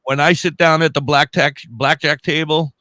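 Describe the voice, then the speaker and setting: A man chatting casually on a podcast, swearing freely and acting out quotes in an animated way. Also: on the high side, normal speed, dry recording, studio quality. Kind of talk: casual profane chat.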